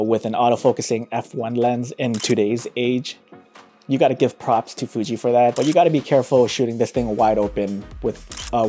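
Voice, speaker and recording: A man giving a casual, upbeat vlog review of a camera lens, talking in an excitable, slangy way. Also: mid-range voice.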